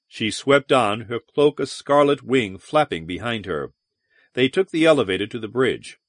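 Expressive male audiobook narrator. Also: mid-range voice, normal speed, dry recording, studio quality. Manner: dramatic, expressive reading.

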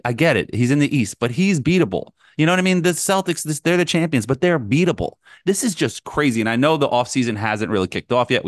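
A man co-hosting a sports podcast, excitedly ranting as a hyped fan, tired and short on sleep. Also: mid-range voice, dry recording, clean studio sound. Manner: excited, ranting, fast bursts. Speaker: podcast co-host, Knicks fan. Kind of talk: casual sports chat.

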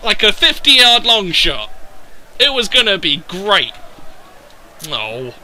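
High, bright, excitable gamer man. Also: takes it slowly, pauses often, rough recording. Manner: excitable and sweary, yelling at his players; swings between loud outbursts and low muttering. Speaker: gaming YouTuber. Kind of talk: live gameplay commentary.

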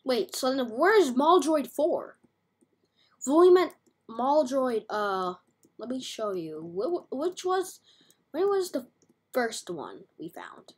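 A woman's voice: high-pitched, sing-song, slow, darkish tone, breathy edge. A woman giving casual, playful, chatty commentary while playing a video game, full of slang. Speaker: game streamer.

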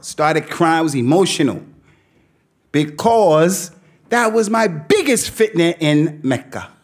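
A middle-aged male preacher, telling stories to youth in a lively, streetwise way, mixing slang with Arabic phrases. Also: a little high. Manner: animated storytelling, quoting himself. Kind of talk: talk to a youth audience.

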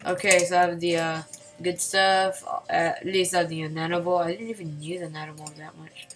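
A woman giving casual gameplay commentary at her home computer at night, excitable, yelping and repeating words when she panics. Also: on the low side, a little fast, faint music behind.

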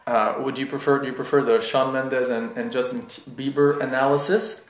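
A man's voice: medium pitch, fairly quick. Man telling a joke in an echoey room. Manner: storytelling, animated voices for characters. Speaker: lecturer. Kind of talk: casual spoken lecture. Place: lecture room at a yoga center.

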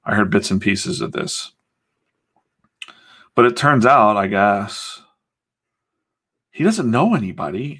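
A man's voice: fairly low pitch, a bit bright, breathy edge. A man chatting casually while he works, telling loose stories with swearing and acted-out quotes. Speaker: comic artist streaming his drawing session. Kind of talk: casual rambling chat.

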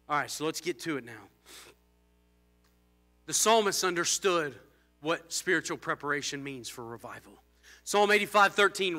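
A man preaching a fervent church sermon, swinging between low, intense warnings and loud shouted exclamations. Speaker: pastor.

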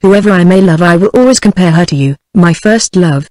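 A woman's voice: on the low side, brisk, no echo, clean studio sound, natural voice. A British-accented text-to-speech woman's voice reading the lines of an earnest, solemn young man in love, with no change of voice. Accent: British English. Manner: flat synthetic delivery, no voice change.

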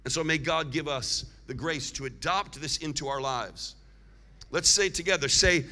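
Evangelist preacher, male, piercing bright tone, call-and-response sermon, long church-hall reverb. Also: fairly high pitch. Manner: preaching with call-and-response and emphatic drawn-out declarations.

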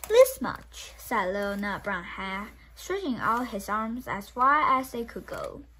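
A woman reading a picture book aloud at bedtime, gentle and clearly paced. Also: medium pitch, very animated, a little slow, background noise. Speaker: reader.

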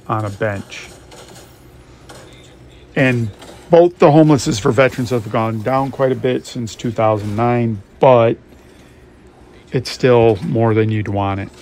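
A man giving rambling, reflective commentary while playing a game, thinking aloud as he goes. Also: medium pitch. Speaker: gaming YouTuber. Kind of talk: casual musing commentary over gameplay.

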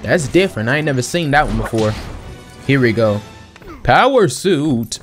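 A young man in casual let's-play commentary, excitable and slangy, talking to himself and his viewers while he plays, a little sniffly. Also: medium pitch, brisk, faint music behind. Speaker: gaming channel host.

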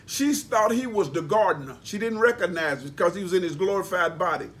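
A man's voice: high voice, expressive, a little fast, fairly bright tone. A man preaching a sermon, emphatic and folksy, spelling out words for emphasis. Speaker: pastor.

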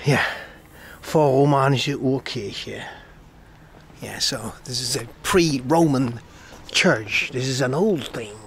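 A man's voice: medium pitch, slow, long pauses. A man from Switzerland filming a casual walking vlog by a lake and in an old church, musing aloud and sometimes dropping to a whisper. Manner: relaxed, musing, drops to a whisper now and then. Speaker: travel vlogger.

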